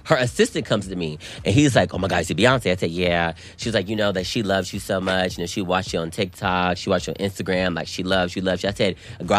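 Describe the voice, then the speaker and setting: Animated young man telling a story. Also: fairly low pitch. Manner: animated, says "girl" constantly, acts out quotes. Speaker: podcast co-host. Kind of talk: casual storytelling chat.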